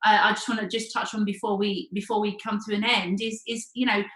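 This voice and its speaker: A woman's voice: medium pitch, little pitch movement, fairly quick, a bit bright. A woman hosting a casual interview, encouraging her guest and restarting her sentences often. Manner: encouraging, many fillers and restarts. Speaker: host, interviewer. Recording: echoey room.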